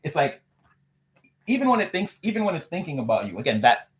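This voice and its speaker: A man's voice: on the high side, very animated, fairly quick. Man, spiritual reader, rambling, repetitive, talking straight to viewers. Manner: rambling, repeats "again" often.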